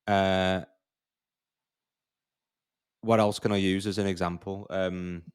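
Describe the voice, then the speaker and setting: Lowish-voiced guy hosting a chatty podcast, rambles and repeats himself. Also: level tone, slow, clear, resonant tone. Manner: rambling, hesitant, many fillers and repeats. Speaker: podcast host. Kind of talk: casual podcast chat.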